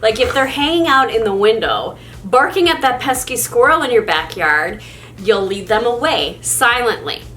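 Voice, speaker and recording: Bright, animated woman giving pet tips. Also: a little high, normal speed, slight background noise. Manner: chatty, upbeat, conversational. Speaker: dog owner and video host. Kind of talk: casual instructional vlog.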